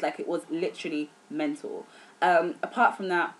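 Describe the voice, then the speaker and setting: Earnest low-voiced young woman. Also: moderate pace, a little hiss or hum, rough recording. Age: young adult. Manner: earnest, serious, animated retellings with filler words. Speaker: vlogger. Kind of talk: casual chat to camera.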